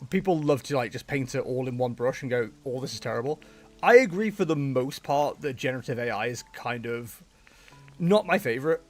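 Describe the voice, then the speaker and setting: A man's voice: medium pitch, fairly quick, soft background music. A man chatting casually and animatedly while streaming a game, talking to his viewers and to the game's characters. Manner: chatty, animated, laughs often, talks to chat and game characters. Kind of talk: casual livestream chat.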